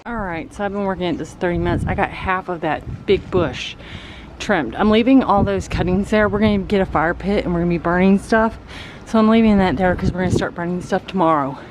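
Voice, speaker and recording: A woman's voice: fairly low pitch, a little fast, background noise. A woman chatting casually as she vlogs her gardening and yard work, upbeat and talking through each task. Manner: chatty, upbeat, narrating her own chores. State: out of breath after yard work. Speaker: gardening vlogger. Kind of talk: casual vlog narration. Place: backyard garden, outdoors.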